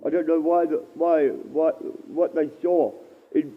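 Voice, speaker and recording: A man rambling and halting through a casual livestream chat from a dark shed, often repeating himself and swearing. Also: on the high side, fairly even intonation, slight background noise. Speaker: live streamer. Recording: tinny phone-like stream audio.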